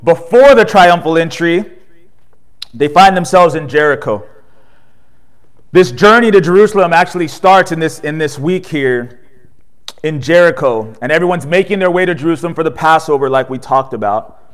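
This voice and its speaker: A pastor preaching a sermon. He tells the story with animation, asks rhetorical questions and often tags his lines with "right?". At solemn points he drops soft and low. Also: animated, moderate pace.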